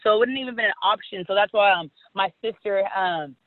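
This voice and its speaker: Woman, thirties, animated storytelling guest, phone-line audio, dry sound. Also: medium pitch, brisk, dry recording. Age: 30s. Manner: animated, acts out past conversations. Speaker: guest, former softball player. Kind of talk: storytelling interview.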